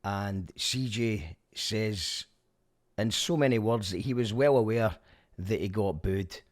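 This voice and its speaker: A man hosting a radio show, reading his links in a dry, deadpan way. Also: fairly low pitch, slow. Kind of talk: scripted presenter link.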